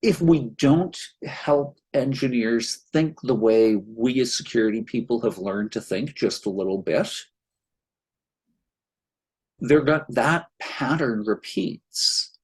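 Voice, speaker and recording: A man talks through his expertise at a slow, measured pace. His voice has a slightly husky edge. He explains patiently and drops the occasional wry aside. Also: mid-range voice, expressive, darkish tone, low-quality recording. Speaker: security expert guest. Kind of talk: podcast interview.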